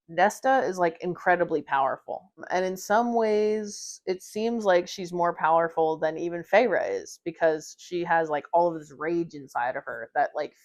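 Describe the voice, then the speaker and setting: A young woman book vlogger reviews a book to camera in a casual, opinionated way, sarcastic and swearing freely. She often mocks characters with exaggerated voices, and her own voice is lowish.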